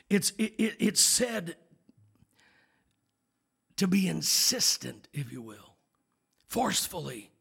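Male pastor, gravelly and husky, slow sermon delivery that swells into shouts. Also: sits high. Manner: preaching cadence, building to shouted climaxes.

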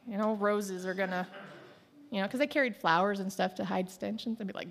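A woman's voice: mid-range voice, brisk, gravelly. A woman giving a casual sermon, retelling a Bible story in loose, conversational words with joking asides. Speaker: Bible teacher.

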